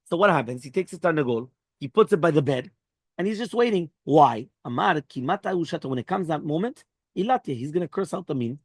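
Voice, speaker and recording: Guy teaching talmud, kinda high voice, dry close mic, acts out the lines. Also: fast talker, breathy edge, no echo. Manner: animated, mixes Hebrew and Aramaic phrases into English explanation; acts out dialogue with raised pitch. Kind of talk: Daf Yomi Talmud class.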